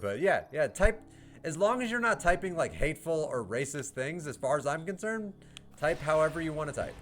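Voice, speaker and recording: A man live-streaming and chatting with his viewers, swearing a lot, laughing often and working himself into heated rants. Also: a little high. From United States. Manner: profane, heated ranting with laughs. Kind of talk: casual live-stream chat.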